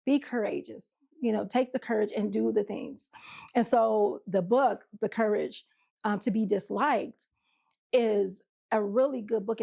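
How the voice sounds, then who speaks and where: A woman's voice: a little high, creaky, darkish tone, slightly rough. A woman relationship coach with a country twang, talking casually to camera, laughing often and acting out what people say. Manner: chatty, laughs often, acts out quotes.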